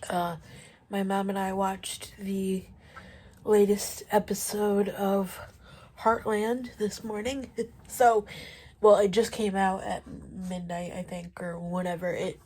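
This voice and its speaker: A woman in her twenties talks slowly in a mid-range voice, vlogging casually as she cycles on a home exercise bike. She sounds blocked up from allergies and rambles easily, leaning on plenty of filler words.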